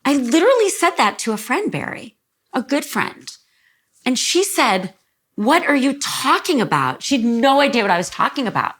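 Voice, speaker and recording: A woman's voice: high voice, very animated, moderate pace, fairly bright tone, husky. A woman in her fifties talks earnestly in a living room interview, close to tears. Her voice rises as the feeling builds. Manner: earnest, voice rises when emotional. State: near tears. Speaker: guest. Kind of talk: emotional interview conversation.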